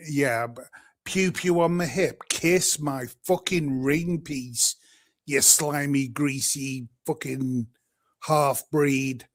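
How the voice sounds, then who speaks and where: A man's voice: a little high, slow pace. A British man hosting a livestream, ranting in an angry, profane, exasperated way. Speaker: livestream host. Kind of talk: profane live-stream rant.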